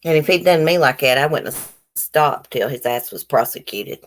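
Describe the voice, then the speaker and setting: Low-voiced Southern woman chatting bluntly. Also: expressive, moderate pace. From American South. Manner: blunt, frank, swears. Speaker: YouTube live stream host. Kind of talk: casual chat reading live comments.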